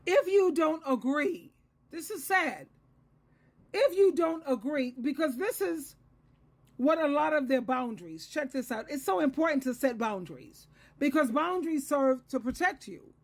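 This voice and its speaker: A woman in her sixties with a high voice gives a solo advice monologue as a Christian counselor. She lectures earnestly and circles back to repeat key phrases for emphasis. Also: lively intonation, measured pace. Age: 60s.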